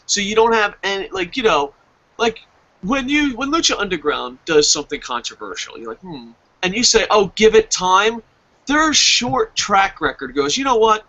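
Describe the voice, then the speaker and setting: Brief: high-ish, forceful male reviewer, profane fanboy rant, muffled lo-fi sound. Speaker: wrestling show reviewer. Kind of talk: casual chat.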